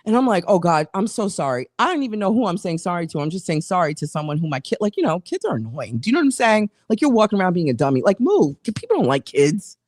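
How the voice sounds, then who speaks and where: A woman's voice: on the low side, fast, hardly any pauses, no echo, studio quality. A woman co-hosting a casual talk show, telling a long, rambling story full of restarts and asides. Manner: animated, rambling, restarts stories. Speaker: co-host.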